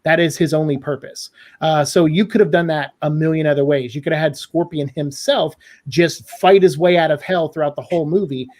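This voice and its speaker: A man giving an animated, opinionated critique as a guest in a casual podcast discussion. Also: on the high side, brisk.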